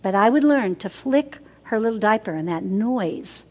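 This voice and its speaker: With a long hall reverb around her, this older woman addresses a group of mothers in a teaching talk for a women's ministry. Her mid-range, darkish voice is expressive and moves at a normal speed, and she is emphatic, repeats words for effect, and puts questions to the audience.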